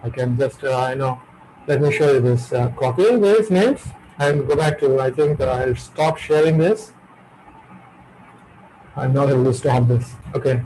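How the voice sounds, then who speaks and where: A man's voice: mid-range voice, a little mellow, slight background noise, low-quality recording. A middle-aged man giving an emphatic, repetitive webinar lecture over a computer microphone. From India.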